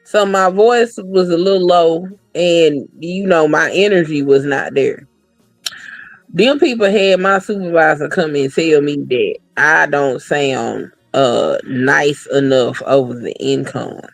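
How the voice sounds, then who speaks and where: A woman talking in a casual podcast chat, blunt and profane, telling animated stories. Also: deep voice, slow, creaky, no echo, faint music behind, rough recording.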